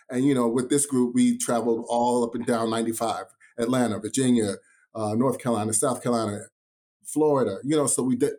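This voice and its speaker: Male guest, New York-raised drum teacher, emphatic storyteller, mid-pitched voice. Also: darkish tone. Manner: enthusiastic, emphatic, says "man" a lot. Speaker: drumline instructor and podcast guest. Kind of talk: casual interview storytelling.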